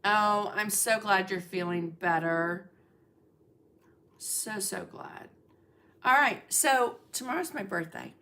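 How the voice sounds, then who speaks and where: A woman's voice: mid-range voice, takes it slowly, long pauses, sharp tone. A middle-aged woman hosting a casual art livestream, chatting and greeting viewers by name with lots of fillers. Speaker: livestream host, art instructor.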